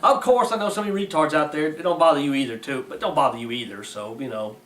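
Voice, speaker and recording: A man's voice: on the high side, quick pace, a bit bright. Indignant man mocking in a roomy recording. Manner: blunt, mocking, folksy grammar. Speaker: preacher. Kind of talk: indignant moral commentary, reading aloud. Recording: roomy, distant mic with faint hiss.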